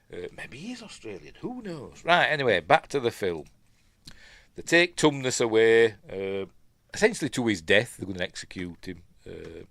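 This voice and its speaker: A lowish-voiced man with a Yorkshire accent talks through a film live as he reviews it. He is chatty and mutters asides under his breath, and the sound is close and dry, with no room around it. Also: a bit bright, no echo. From Yorkshire, England.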